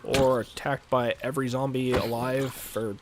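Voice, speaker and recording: A man's voice: medium pitch, flat delivery, moderate pace, heavy background noise. A young man streaming a game, chatting casually with viewers in a rambling, filler-heavy way, his voice a little congested. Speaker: gaming streamer. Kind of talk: casual live-stream chat while playing.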